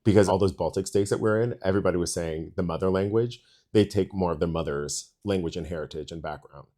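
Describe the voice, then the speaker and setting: A man's voice: low-pitched, fast, mellow. A man hosting a podcast, asking a friend casual, encouraging questions. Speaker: podcast host. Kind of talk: casual interview.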